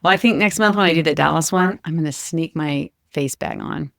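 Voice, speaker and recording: A woman co-hosting a podcast, telling a lively story in casual chat and acting out the voices of the people in it. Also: deep voice, a little fast, creaky, dry recording, studio quality. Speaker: podcast co-host, flight attendant. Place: home kitchen.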